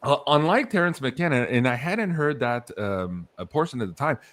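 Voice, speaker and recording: A man's voice: mid-range voice, moderate pace, dry recording. A man hosting a podcast, chatting casually and telling stories with swearing and acted-out quotes. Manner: animated storytelling, swears casually, acts out quotes. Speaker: podcast host.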